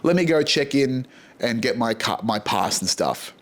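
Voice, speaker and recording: An Australian man hosts his own show and tells a story in a loose, chatty way. He swears freely and gets animated, putting on little voices for the people in it. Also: mid-range voice, moderate pace. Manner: profane, animated, retells dialogue in voices. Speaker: podcast host. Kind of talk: casual storytelling.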